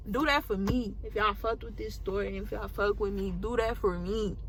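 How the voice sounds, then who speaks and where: An eighteen-year-old woman vlogger telling a casual storytime, animated and full of slang and swearing. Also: medium pitch, normal speed, hardly any pauses.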